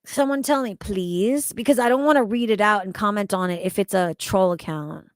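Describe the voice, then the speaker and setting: A woman's voice: mid-range voice, normal speed, dry recording. A woman streaming casually, talking to her chat, swearing freely and laughing often. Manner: loud, profane, laughing often.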